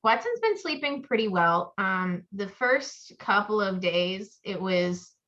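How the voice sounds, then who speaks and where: A woman's voice: medium pitch, sing-song, slow pace, fairly bright tone. A woman co-hosting a casual chat podcast, rambling through stories and acting out her own inner voice. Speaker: podcast co-host. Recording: muffled lo-fi audio.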